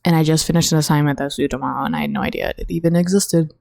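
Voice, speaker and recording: A woman's voice: low-pitched, fairly even intonation, rapid-fire, vocal fry, darkish tone, no echo. A young woman in college hosting a casual solo podcast, rambling with lots of fillers and swearing, recorded close on her own mic in a dorm room. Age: young adult. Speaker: podcast host.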